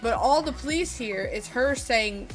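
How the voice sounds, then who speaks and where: A woman's voice: a little high, lively intonation, measured pace. A woman streamer telling a story in a rambling, casual way while she plays a game, swearing often. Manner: rambling, lots of fillers and swearing. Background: music.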